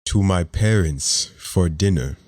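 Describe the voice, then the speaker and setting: A man's voice: sits low, slow, a little mellow. A male audiobook narrator voicing a weary young nobleman in a dry, understated way. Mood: dry, glum. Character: weary young nobleman dreading family dinner.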